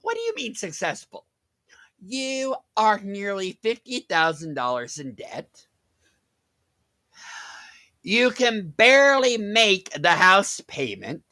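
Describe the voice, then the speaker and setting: A man rants on his vlog with lively, swooping sarcasm, drawing out his words at a slow, deliberate pace. His voice is bright and forward. The sound is dry and close. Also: sits high, no room sound. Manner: animated, sarcastic, laughs at his critic. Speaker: vlogger. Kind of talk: mocking rant.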